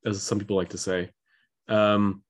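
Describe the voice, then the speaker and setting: A man's voice: on the low side, little pitch movement, normal speed. A man from Missouri co-hosting a podcast, telling stories in a rambling casual chat with frequent restarts. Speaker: podcast co-host.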